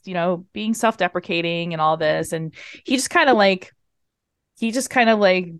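Recorded with studio quality and no room sound, a woman with a mid-range voice co-hosts a podcast. She recaps a film in casual, animated chat, acting out the characters' lines and swearing freely.

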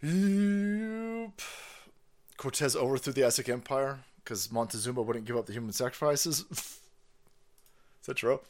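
A man ranting on a live stream, loud, profane and mocking, slipping into sarcastic voices. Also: mid-range voice, fairly even intonation, normal speed.

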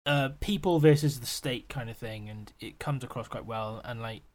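A man's voice: mid-range voice, normal speed, a little mellow. A young man co-hosting a casual podcast chat, rambling, laughing often and swearing freely. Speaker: podcast co-host.

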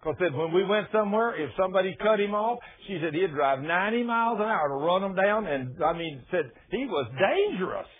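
A man's voice: high-pitched, expressive, a little fast, hardly any pauses, slightly rough. A middle-aged man, preaching a sermon and telling stories, acting out the dialogue in a folksy way. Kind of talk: sermon with storytelling. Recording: tinny phone-like radio broadcast.

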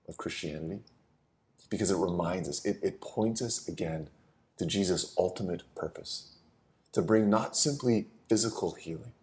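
A man preaching a conversational sermon, often repeating words as he starts a phrase and dropping to a soft, low voice on key lines.

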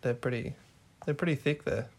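An Australian podcast co-host chatting casually, relaxed with dry asides. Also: mid-range voice, normal speed. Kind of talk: casual chat.

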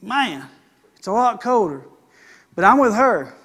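A man's voice: sits high, very animated, unhurried, a bit bright, slightly rough. A middle-aged man, preaching a sermon and calling out for an amen. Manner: preaching with call-and-response "Amen". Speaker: pastor.

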